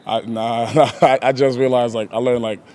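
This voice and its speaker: A man's voice: medium pitch, fairly even intonation, normal speed, a little mellow. A young man, a pro football player, answering press questions casually, laughing often and leaning on "like" and "you know".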